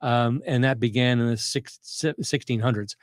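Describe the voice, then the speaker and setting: An older man talks through history at length, circling back with restarts and fillers. His voice sits at an ordinary middle pitch, recorded dry and close with no room sound. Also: moderate pace, no room sound. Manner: detailed, rambling explanations with restarts and fillers. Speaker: guest historian, retired Navy captain. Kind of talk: conversational history explanation.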